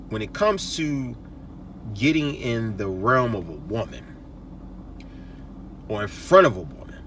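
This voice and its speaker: A male host talks through casual advice in an emphatic, repetitive way, with a slow pace and a bright, lively voice that rises and falls a lot. The mic sits a little distant, and faint noise hums behind him. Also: a little high. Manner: emphatic, keeps checking in with "okay?" and "right?".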